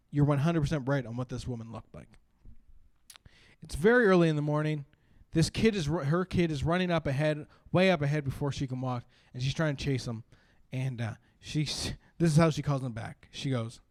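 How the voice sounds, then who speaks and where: Guy doing stand-up, kinda high voice, rambly, lots of like and uh, dry close mic. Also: moderate pace, no room sound. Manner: rambling, lots of "like" and "uh", sudden loud bursts. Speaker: stand-up comedian. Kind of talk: stand-up comedy set.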